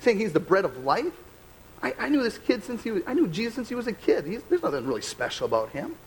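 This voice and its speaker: A dismissive, grumbling townsman who can't believe the claims of someone he knew as a kid, as a male preacher acts him out. He scoffs with an incredulous, lively swing in his voice. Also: high-pitched, fast, slight background noise, voice pushed up, heavily acted, low-quality recording. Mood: scoffing.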